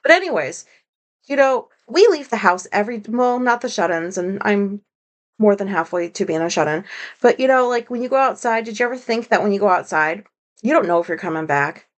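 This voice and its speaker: A woman hosting a casual solo podcast, rambling and swearing freely, mocking herself, and high on marijuana. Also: expressive, brisk. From United States. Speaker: podcast host.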